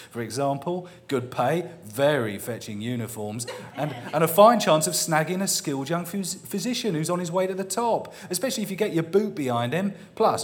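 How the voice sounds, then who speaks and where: A man's voice: on the high side, close to an everyday voice. Sam Vimes, a man doing a blunt watch commander. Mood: hearty. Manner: blunt, incredulous, chuckling through lines. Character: exasperated no-nonsense male city watch commander.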